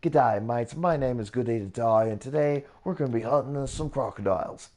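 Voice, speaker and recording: A man's voice: mid-range voice, normal speed, a little mellow, pitched above the performer's own voice, lightly acted. A man voicing a cheerful Australian crocodile hunter, with a hammy put-on Australian accent. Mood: cheery.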